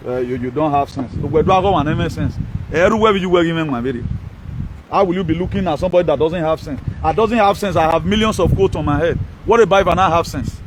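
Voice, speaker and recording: Scornful high-voiced man ranting. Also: noisy background. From Nigeria. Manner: scornful, combative, mocking, with frequent laughs. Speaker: social media commentator. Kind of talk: ranting political video monologue.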